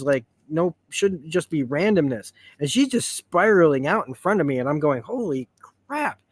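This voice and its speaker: A man talks through a TV episode in a loose stream of consciousness, getting worked up as he retells it. His voice sits a little high for a man. The sound is dry and close, with no room around it. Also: no echo. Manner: rambling, excitable, retells scenes. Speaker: show reviewer.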